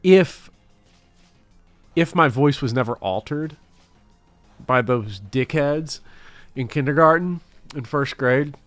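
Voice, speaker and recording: A man's voice: mid-range voice, takes it slowly, pauses often, fairly bright tone, dry recording, faint music behind. A man hosting a casual game stream, joking and swearing as he chats with a guest and reads comments. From US South. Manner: profane, joking, mimics voices. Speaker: streamer and host.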